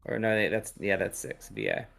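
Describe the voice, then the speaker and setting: Male podcast host, low-ish voice, meandering and halting, casual chat. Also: very animated, gravelly, fairly bright tone. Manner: rambling, hesitant, lots of ums. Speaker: podcast host reading tarot.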